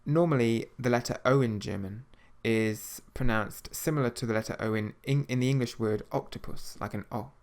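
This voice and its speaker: A man teaching an audio language lesson, patiently repeating each word slowly so learners can practice. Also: mid-range voice, darkish tone.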